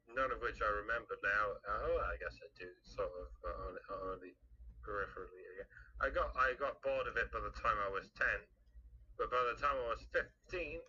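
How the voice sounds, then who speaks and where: Bright-voiced man, lo-fi casual chat. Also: mid-range voice, slightly rough. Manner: rambling, laughs often, swears casually. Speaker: podcast guest, animator. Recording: dull lo-fi sound with faint hiss.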